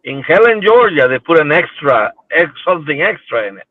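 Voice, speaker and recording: A man co-hosts a casual live chat and breaks in with reminders. His fairly high voice comes through a tinny, phone-like line with a dry sound. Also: very animated, a little fast, no room sound. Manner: chiming in with reminders.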